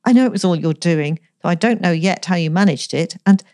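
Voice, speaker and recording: A woman reading an effusive young woman in a storybook, high and excited. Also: fairly quick, close to an everyday voice. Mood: gushing.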